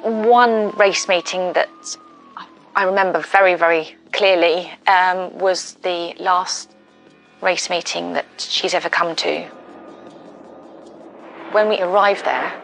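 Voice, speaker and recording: A woman interviewed for a documentary as a friend, speaking very slowly and deliberately. Her voice sits slightly low, with faint music beneath it. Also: steady tone, gravelly, a bit bright, rough recording. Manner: slow, deliberate recounting.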